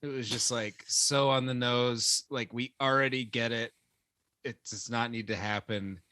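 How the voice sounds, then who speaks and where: A man's voice: mid-range voice, steady tone, a little slow, sharp tone, no room sound. A man co-hosting a casual movie review podcast, chatty, laughing easily and restarting his sentences. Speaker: podcast co-host.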